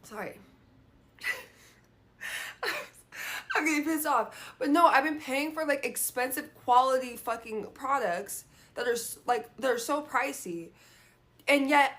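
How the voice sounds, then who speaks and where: A woman's voice: high-pitched, fairly bright tone. A young woman venting in a casual monologue, frustrated, swearing often and filling her talk with "like". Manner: frustrated, frequent "like" fillers and swearing. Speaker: vlogger.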